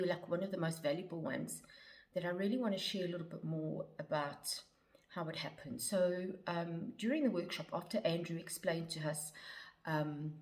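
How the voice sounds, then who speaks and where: A woman talking casually about shadow work, reading a long list of words aloud with many ums and some words half-whispered. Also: low voice. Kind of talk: casual talk to camera about personal growth.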